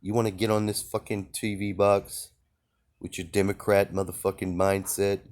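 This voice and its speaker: Low-voiced man in a profane rant. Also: level tone, moderate pace, darkish tone. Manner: profane, rambling, defiant. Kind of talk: ranting monologue.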